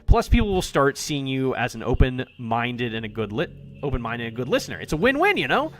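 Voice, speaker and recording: A man's voice: medium pitch, very animated, fairly quick, a little hiss or hum, lightly acted. A man reading aloud a cheerful young female club president from a visual novel, in a playful, teasing way. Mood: earnest.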